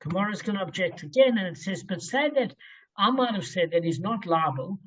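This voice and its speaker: A man's voice: high voice, expressive, a little fast, a bit bright, highs cut off. A man teaching a Talmud passage, working through the reasoning step by step and often checking in with "okay?". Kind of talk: explaining a Talmud text aloud.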